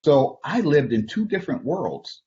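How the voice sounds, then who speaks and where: A man's voice: on the high side, very animated, moderate pace, mellow, a little hiss or hum. A middle-aged man from Flint, Michigan, giving a personal storytelling talk as an invited speaker, conversational, chuckling often and restarting his sentences. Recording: dull lo-fi recording.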